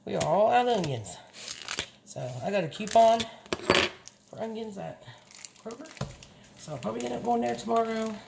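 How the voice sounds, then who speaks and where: A woman's voice: medium pitch, gravelly, heavy background noise. A woman with a Midwestern American accent chatting casually in a home vlog, a bit out of breath, talking to her pets and viewers. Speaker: vlogger. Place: home kitchen and yard.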